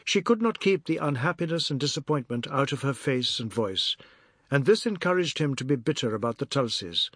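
A man narrating a novel in a measured storytelling manner. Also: medium pitch, animated, fairly bright tone, dry recording. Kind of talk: audiobook narration. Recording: dry close studio sound.

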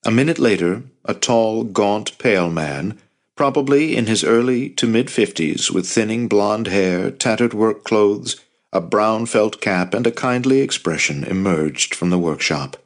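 A man reads an audiobook aloud in a fairly low voice, telling the story in a calm, even, measured way. It is scripted narration.

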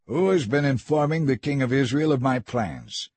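A man's voice: mid-range voice, normal speed, darkish tone, breathy edge, lightly acted. A man reading the lines of an angry, suspicious warrior king in a scripture story.

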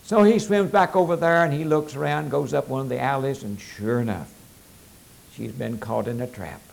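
A man preaching a sermon in church, telling a folksy joke with lively storytelling. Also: mid-range voice, normal speed, creaky. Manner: lively storytelling, chuckling at his own jokes. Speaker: pastor.

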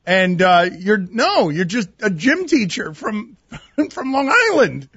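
A male sports radio host interviewing a guest with playful excitement. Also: high-pitched, slow pace, breathy edge, dry recording, muffled recording.

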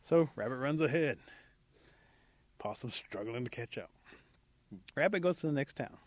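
Male folk storyteller, playful and animated, close dry recording. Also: medium pitch, moderate pace, no echo. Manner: lively, humorous, animated.

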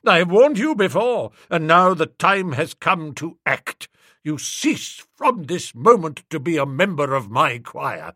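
A man voicing a pompous old vicar who scolds in loud, stern pronouncements. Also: fairly high pitch, very animated, a little slow, no room sound, studio quality, full character voice. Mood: pronouncing.

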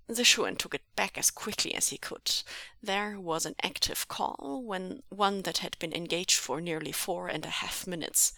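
A woman reads fan fiction aloud in a bright, clear voice, recorded close and dry with no room sound. She keeps a relaxed, casual reading pace and breaks off now and then to comment on the story. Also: lowish voice, moderate pace, hardly any pauses, dry recording. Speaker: podfic reader.

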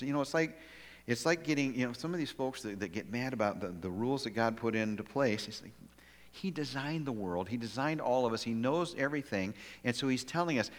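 A man's voice: mid-range voice, brisk. Pastor guy preaching, storytelling, keeps restarting bits, long echoey church reverb. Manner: animated storytelling with frequent restarts. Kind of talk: sermon. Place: church sanctuary.

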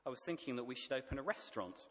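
A man voicing an eager male chicken in a joke, pitching an idea. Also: animated, rapid-fire, long reverb tail, natural voice.

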